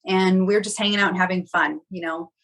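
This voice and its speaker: A woman's voice: fairly low pitch, steady tone, fast, fairly bright tone, low-quality recording. A woman, a podcast guest, telling a personal story in a candid, reflective way and often acting out quoted dialogue.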